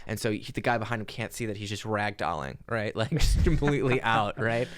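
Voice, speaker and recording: A man's voice: on the low side, a little fast, no room sound, studio quality. A young man co-hosting a podcast, telling rambling stories with lots of restarts. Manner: animated storyteller, rambling with restarts. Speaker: podcast co-host. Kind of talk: casual chat.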